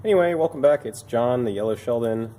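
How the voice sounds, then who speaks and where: Here the young bike shop mechanic and video host has a mid-range, warm voice with lively intonation, talking a little fast over slight hiss or hum. He sounds tired while doing casual show-and-tell on old bike parts, full of dry, self-mocking jokes.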